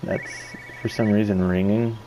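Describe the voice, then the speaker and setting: A man's voice: fairly low pitch, steady tone, moderate pace, noisy background. A man giving casual, joking let's-play commentary. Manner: joking, rambling. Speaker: gaming YouTuber.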